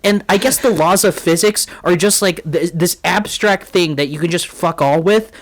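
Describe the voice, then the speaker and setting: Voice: medium pitch, normal speed. A podcast co-host in casual film-review chat, ranting in anger with heavy swearing and constant filler words.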